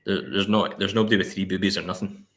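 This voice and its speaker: A man co-hosting a podcast in easy, casual chat. His voice is lowish, yet it has a bright, crisp edge to it. He jokes around in a relaxed way. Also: fast talker. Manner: relaxed, joking. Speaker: podcast co-host.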